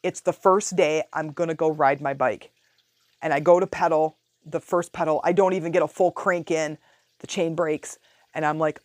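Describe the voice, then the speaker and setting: A woman hosts a podcast and tells her own story in a chatty, animated way, often voicing her own thoughts. Her voice sits a little low. The sound is dry and close, with no room echo. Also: moderate pace. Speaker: podcast host. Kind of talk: casual storytelling monologue.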